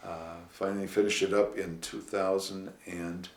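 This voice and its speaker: Deep-voiced man telling stories, echoey room. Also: flat delivery, gravelly. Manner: rambling, with many "uh" pauses. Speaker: interviewee, former city official. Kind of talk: anecdotal interview storytelling. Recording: echoey room, faint hiss.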